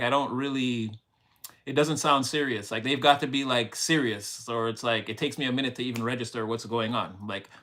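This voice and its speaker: Medium in pitch, his voice sounds pushed and bright. The Montreal-accented Canadian livestreamer keeps things casual with his live audience, laughing frequently as he alternates English and French.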